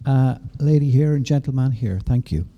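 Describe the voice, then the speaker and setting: A man moderating a panel discussion, brisk and polite, often stumbling over his words. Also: medium pitch, dull audio. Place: large lecture hall. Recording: long reverb of a lecture hall.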